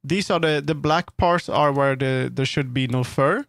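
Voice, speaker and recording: A man's voice: medium pitch, measured pace, fairly bright tone, dry recording, studio quality. A man chatting casually on a live stream, thinking aloud and correcting himself as he works. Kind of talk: casual live-stream chat while working.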